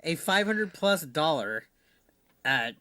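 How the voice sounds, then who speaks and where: High, bright-voiced crude male commentator. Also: big pitch swings, slow, no room sound. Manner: crude and derisive, heavy swearing.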